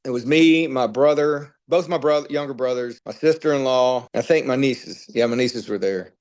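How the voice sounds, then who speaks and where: A middle-aged man speaks at an everyday pitch as a guest in an interview. His storytelling is candid and rambling, and he slips into the voices of the people he quotes. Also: fairly quick, hardly any pauses. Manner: relaxed, rambling, tells stories with quoted dialogue.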